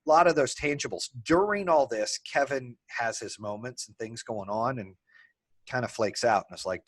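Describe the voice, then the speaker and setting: A man telling the story of building his business in an animated, candid way, swearing casually and acting out both sides of old arguments. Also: mid-range voice, moderate pace.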